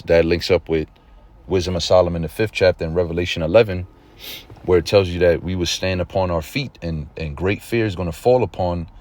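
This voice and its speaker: In a casual preaching manner, a man with a deep voice teaches a religious lesson. He keeps checking in with his audience, and at moments he gets excited and emphatic.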